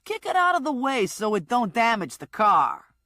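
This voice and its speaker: A woman voicing a crude, rude man with a gruff manner. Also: a little high, big pitch swings, normal speed, sharp tone, no room sound, studio quality, voice pushed up. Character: crude, rude male thug waiting in a car.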